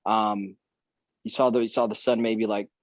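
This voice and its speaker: A man's voice: lowish voice, moderate pace, no echo. A man, a guest actor, chatting casually on a podcast and acting out quotes as he tells stories. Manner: animated storyteller, acts out quotes.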